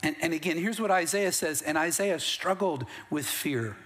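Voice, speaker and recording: A middle-aged male pastor preaching a sermon in a church, his voice sitting on the higher side for a man. He tells stories in a plain, conversational way, then builds into rising bursts of emphasis. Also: moderate pace, a bit bright. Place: church sanctuary.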